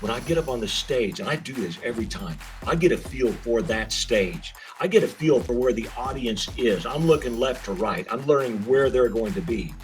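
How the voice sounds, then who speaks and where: Lively man coaching on public speaking. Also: medium pitch, moderate pace, hardly any pauses, faint music behind. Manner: animated, talks straight to the listener with questions. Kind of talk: webinar presentation on public speaking.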